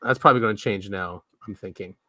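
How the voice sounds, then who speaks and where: A man's voice: on the low side, quick pace, sharp tone, no echo. A man co-hosting a podcast in casual, rambling chat, often laughing. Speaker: podcast co-host.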